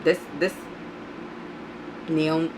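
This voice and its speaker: A woman vlogger telling a storytime, blunt and profane, animated as she reads out text messages. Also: sits low, drawn-out words, background noise. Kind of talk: storytime vlog.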